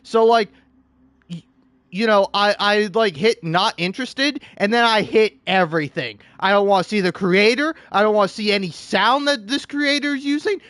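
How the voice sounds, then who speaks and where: A man ranting in a comedic way, exasperated and theatrical, swinging between shouting and muttering. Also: sits high, normal speed, clean tone, dry recording. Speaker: online video creator. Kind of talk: comedic rant.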